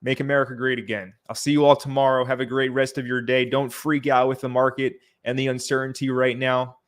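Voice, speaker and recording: A man hosting a livestream, reading out viewer comments and answering them in a relaxed, chatty way. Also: medium pitch, a little fast. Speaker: livestream host.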